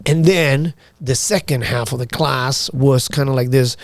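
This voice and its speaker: A man's voice: mid-range voice, measured pace, dry recording. A man from Argentina, a podcast guest, telling a story in casual chat with lots of profanity, acting out the dialogue. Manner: animated, profane, acts out quoted dialogue.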